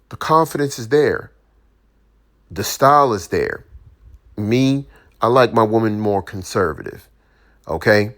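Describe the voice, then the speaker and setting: A man with a lowish voice talks through his opinions in a loose, conversational monologue. He speaks in slang, restarts sentences, and keeps turning to the listener with asides. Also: fairly bright tone. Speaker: commentator.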